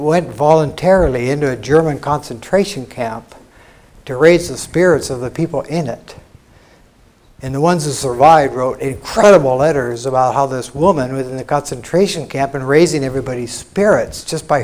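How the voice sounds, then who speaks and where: A man's voice: medium pitch, normal speed, darkish tone. An older American man giving an informal spiritual talk in a lecture hall, frank and conversational, with salty asides and mock quotes. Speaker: spiritual teacher.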